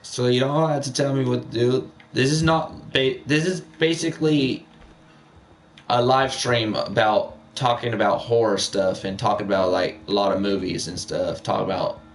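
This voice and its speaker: A man's voice: mid-range voice, steady tone, moderate pace, a little hiss or hum. A young man chatting casually on a live stream, rambling with many fillers and repeating himself.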